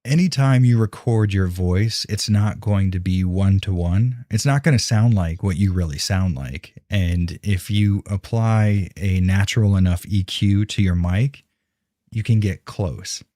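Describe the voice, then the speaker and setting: A man's voice: deep voice, measured pace, mellow, dry recording. A man live-streaming and chatting casually with his viewers, rambling and swearing freely as he answers chat, speaking close into a dynamic broadcast mic at a home streaming setup.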